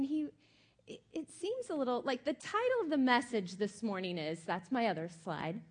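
A middle-aged woman pastor giving a sermon in a conversational, emphatic way with many fillers. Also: medium pitch.

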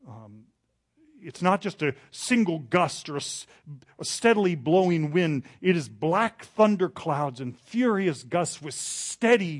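Dramatic preacher man with a fairly high voice. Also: animated, a little slow. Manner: dramatic storytelling, shouts acted quotes, then quiet and confessional. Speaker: pastor. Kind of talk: sermon.

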